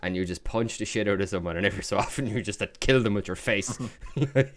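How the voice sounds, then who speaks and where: A man's voice: lowish voice, quick pace. An Irish man co-hosting a tabletop gaming podcast, chatting enthusiastically and laughing often. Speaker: podcast co-host. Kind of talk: casual chat.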